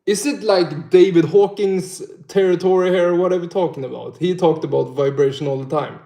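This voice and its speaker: A man's voice: high voice, normal speed, creaky, dark tone. A young man from northern Sweden with a Swedish accent, chatting casually on a livestream, swearing a lot and laughing often. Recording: roomy echo.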